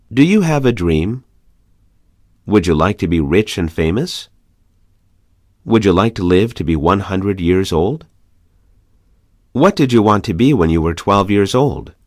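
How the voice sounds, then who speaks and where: Man reading practice questions, lively pitch. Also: no room sound, studio quality. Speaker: language course reader.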